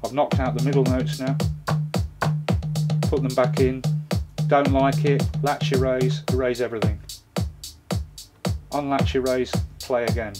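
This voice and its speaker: A man's voice: mid-range voice, little pitch movement, measured pace, pauses often, loud music behind the voice. A man giving a hands-on tutorial, explaining a drum machine's sequencer step by step while he plays it. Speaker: music gear reviewer.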